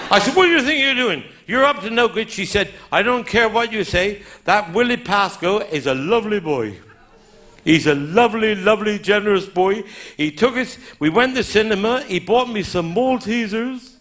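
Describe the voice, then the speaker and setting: A man's voice: sits high, animated, moderate pace, a bit bright. Cornish man telling a bawdy stand-up story. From Cornwall. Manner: broad storytelling with dialect grammar, bursts of laughter. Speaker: stand-up comedian. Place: live show venue with an audience.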